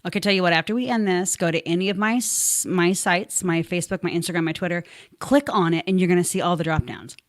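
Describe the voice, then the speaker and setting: A woman's voice: lowish voice, fast, no room sound, clean studio sound. A woman hosting a casual podcast interview, bubbly and effusive, laughing often. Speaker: podcast host.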